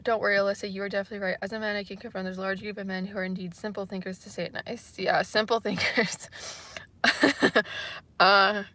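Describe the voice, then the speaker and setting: A young woman from Canada chatting casually on a livestream, rambling through stories and reading comments, full of "like" and quick laughs. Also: mid-range voice, flat delivery, bright, forceful tone. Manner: rambling, laughing often, lots of "like". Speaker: livestream host.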